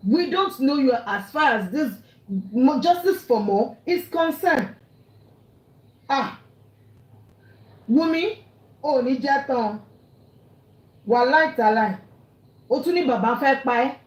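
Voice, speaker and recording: A woman's voice: sits high, animated, takes it slowly, long pauses, roomy sound, low-quality recording. A woman with a Nigerian accent ranting angrily and scolding, mixing English, Pidgin and Yoruba. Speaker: online commentator. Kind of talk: angry rant.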